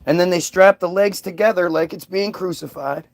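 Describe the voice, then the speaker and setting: A man's voice: high voice, normal speed, vocal fry, no echo. A man talking in a heated, profane, unscripted monologue, stumbling and restarting his sentences as he goes. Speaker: vlogger.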